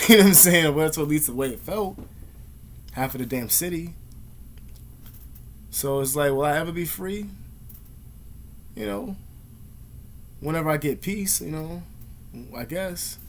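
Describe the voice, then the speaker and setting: This young man's vlog story comes out a little slow, broken by long pauses, in a fairly high voice with lively intonation. He's casual and profane, loaded with slang and fillers, and a little hiss or hum runs underneath.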